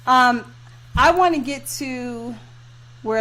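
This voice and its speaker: A woman in her thirties hosting a virtual launch party over a video call, effusive and quick to laugh and get emotional. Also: fairly high pitch, fairly bright tone. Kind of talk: casual live video chat.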